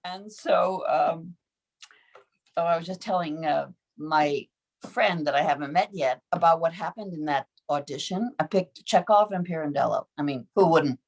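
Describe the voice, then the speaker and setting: A woman's voice: sits low, moderate pace. A woman in her seventies, an actress recounting her early career in an interview, telling stories with frequent chuckles and acted-out voices. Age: 70s. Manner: lively storyteller, chuckles often, acts out quoted voices. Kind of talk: anecdotal storytelling in an interview.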